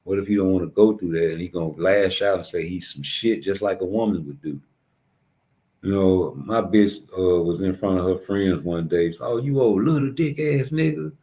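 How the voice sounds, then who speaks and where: A man's voice: deep voice, steady tone, moderate pace, mellow, low-quality recording. A young adult man, ranting bluntly and profanely in street slang as a commentator. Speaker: YouTube commentator. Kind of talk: casual ranting monologue.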